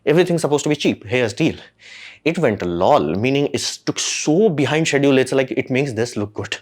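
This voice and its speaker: A man's voice: medium pitch, normal speed. Exasperated man ranting about space. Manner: exasperated, rambling, slangy, animated outbursts. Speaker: host. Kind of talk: casual commentary monologue.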